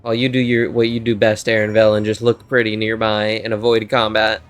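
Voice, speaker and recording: A man's voice: lowish voice, monotone, fairly quick, soft background music. A man streaming a video game, giving casual joking, offhand commentary.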